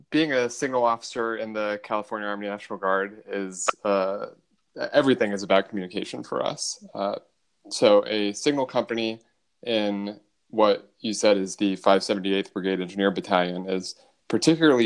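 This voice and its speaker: Man explaining as interview guest. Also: lowish voice. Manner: explanatory, measured, fillers of uh. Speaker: army officer, interview guest. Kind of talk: casual interview answers.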